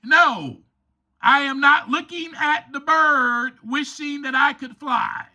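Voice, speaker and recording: A man's voice: very high voice, slow, sharp tone, full character voice. A man voicing a young lion cub who speaks in wide-eyed, admiring exclamations.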